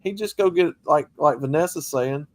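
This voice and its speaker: A man's voice: fairly high pitch, normal speed, dry recording. A man telling folksy family stories in a casual chat.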